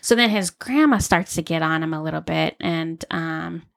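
A woman's voice: low-pitched, normal speed, gravelly. A woman co-hosting a podcast in casual chat, telling anecdotes with a lot of laughter and acting out the voices of the people in them. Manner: chatty, laughs often, acts out voices in anecdotes. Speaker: podcast co-host.

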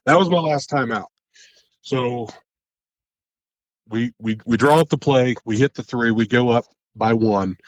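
A man's voice: medium pitch, measured pace, long pauses, dry recording, rough recording. A man, a head coach, telling a long game story in a casual podcast chat, rambling and correcting himself as he goes. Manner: animated, rambling recounting with self-corrections.

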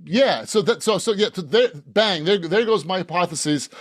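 A man's voice: high voice, animated, normal speed, breathy edge, no room sound, clean studio sound. A man, an author from Boston, talking in a casual podcast interview, rambling with many restarts and frequent laughs. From Boston, Massachusetts. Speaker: author guest.

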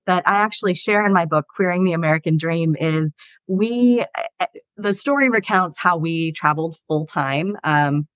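Animated woman telling stories as a guest. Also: low-pitched, no echo. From Southern US. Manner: animated, lively anecdote telling. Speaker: podcast guest, author. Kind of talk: casual interview storytelling.

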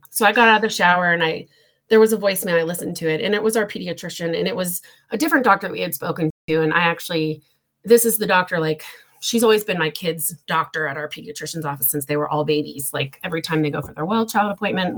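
A woman tells a painful family story. Her voice sits fairly low, and she speaks haltingly, with many fillers, close to tears. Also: a bit bright. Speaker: guest. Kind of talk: emotional personal story.

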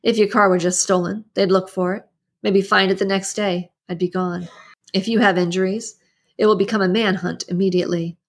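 A woman reading the lines of a tense young male kidnapper in an audiobook, terse and low-key. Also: steady tone, brisk, breathy edge.

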